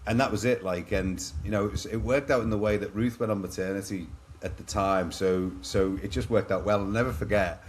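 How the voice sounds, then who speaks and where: A man's voice: on the low side, steady tone, a little fast, hardly any pauses, slight background noise. A middle-aged man from Liverpool with an English accent, a podcast guest telling his own stories in a chatty, anecdotal way and calling the host "mate". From Liverpool, England. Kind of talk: candid storytelling in a podcast interview.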